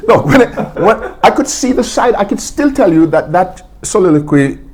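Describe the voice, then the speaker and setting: A man's voice: high voice, very animated, moderate pace, a little hiss or hum. A man telling stories as an interview guest, acting out quotes and laughing often. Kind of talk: storytelling interview.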